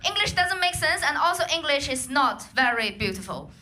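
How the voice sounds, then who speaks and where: A young woman from China with a Chinese accent, performing a lively stand-up comedy set on a club stage into a handheld mic. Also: sits high, normal speed, background noise. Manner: animated, lively voice acting of others.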